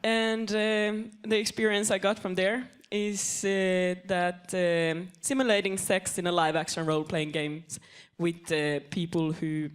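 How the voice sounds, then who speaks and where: A woman's voice: fairly low pitch, flat delivery, a little slow, hardly any pauses, smooth. A woman moderating a convention panel in an auditorium, introducing speakers with hesitant, filler-filled speech.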